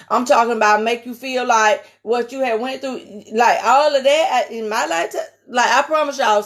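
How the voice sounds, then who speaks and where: A raspy-voiced woman with a country twang preaches a casual sermon over a live stream, her pitch sitting on the high side. She's emphatic, repeating key phrases and calling out viewers by name.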